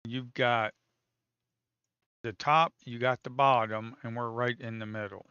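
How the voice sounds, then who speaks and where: A man's voice: medium pitch, fairly even intonation, unhurried, sharp tone, clean tone, dry recording, muffled recording. A man commenting casually on live trading, talking to viewers as folks, swearing and teasing the market. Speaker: day trader streaming live.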